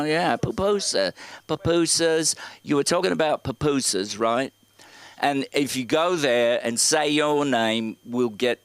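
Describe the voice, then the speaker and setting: Smooth-voiced comedy host teasing the crowd. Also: male voice, fairly high pitch, a bit bright. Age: 30s. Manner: teasing, halting. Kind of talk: crowd work. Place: comedy club stage.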